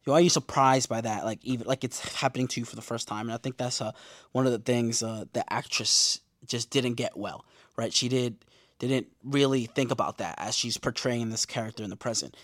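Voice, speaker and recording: A young man casually recapping TV episodes from his notes, slangy and profane, with lively asides. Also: medium pitch, fairly quick, dry recording, studio quality. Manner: slangy, profane, animated storytelling. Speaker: show recap host.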